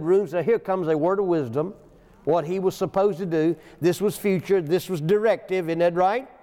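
A man with a high-pitched, dark voice preaches at a moderate pace, spinning folksy stories with chuckling asides and reading scripture aloud. It's recorded in a church sanctuary with a long church reverb.

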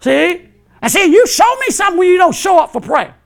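A pastor preaching an impassioned, colloquial sermon, shouting in bursts and chuckling between points. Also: male voice, extremely high pitch, sing-song, brisk, gravelly. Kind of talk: fiery sermon.

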